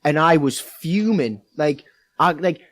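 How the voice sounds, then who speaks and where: Young Geordie guy for a casual podcast, rambling, lots of swearing, raised pitch, dry close sound. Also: animated, slow pace, fairly bright tone, no room sound. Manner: rambling, heavy swearing, many fillers. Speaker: podcast co-host. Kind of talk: casual storytelling.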